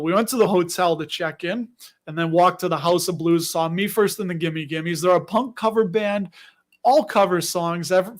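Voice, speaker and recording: A man with a Chicago accent hosting a casual livestream, rambling and chatty, laughing often as he reads comments. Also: high voice. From Chicago area. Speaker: livestream host.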